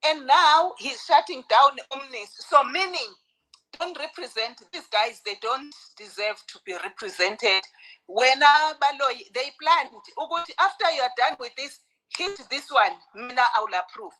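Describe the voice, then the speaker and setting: Bright-voiced indignant woman panelist. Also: high-pitched, animated, moderate pace, low-quality recording. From South Africa. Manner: indignant, emphatic, stacks up complaints. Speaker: podcast panelist. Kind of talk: heated casual commentary.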